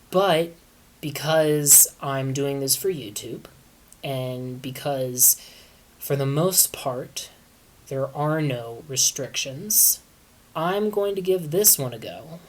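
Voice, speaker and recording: A woman reading fan fiction aloud in a measured, deadpan way, as the host of her channel. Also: very deep voice.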